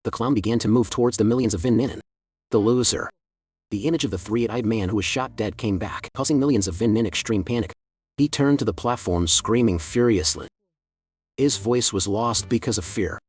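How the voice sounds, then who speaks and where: A man narrating a comic story recap in a steady storytelling read. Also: on the low side, normal speed, slightly rough, no room sound.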